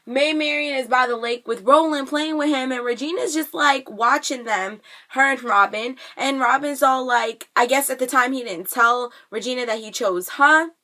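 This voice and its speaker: Young woman, vlogger, casual recap, sassy and slangy, fairly high voice, bright tone. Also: normal speed, few pauses. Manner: animated, sassy, slangy, acts out the characters. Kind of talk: casual chat.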